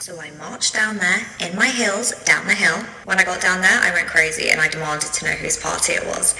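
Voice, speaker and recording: A woman's voice: on the low side, a little fast, creaky, hardly any pauses, sharp tone, reverberant, big-room sound, low-quality recording. A woman telling a dramatic casual storytime tale.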